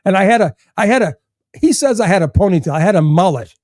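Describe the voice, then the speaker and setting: An older man from Massachusetts, a podcast guest chatting casually, telling stories with lively acted-out lines and plenty of swearing. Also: sits high, fast, no echo, studio quality. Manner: animated storyteller who acts out other people's lines and swears freely.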